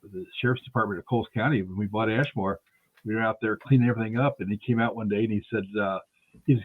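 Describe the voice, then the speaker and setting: A husky man talks at a quick clip, spinning a rambling story and voicing each person in it. He sounds thin and tinny, as if he is coming in over a phone line. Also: on the low side, steady tone. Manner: rambling anecdotes, acting out the dialogue. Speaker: radio show host. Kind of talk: casual storytelling interview.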